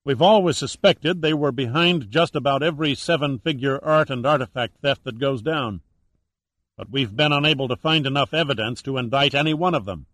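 Audiobook: gruff, blunt federal agent, read by a man in a plain mid voice. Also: mid-range voice, brisk, a bit bright, dry recording, close to an everyday voice.

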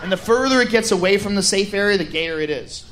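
A male stand-up comedian performing a loud, animated set, shouting punchlines and acting out bits. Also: high voice, quick pace, slight background noise.

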